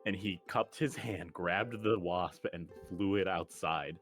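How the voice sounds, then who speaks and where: A man's voice: deep voice, slow, soft background music. A man chatting casually and narrating as game master, telling stories with a laugh. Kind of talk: casual tabletop game chat.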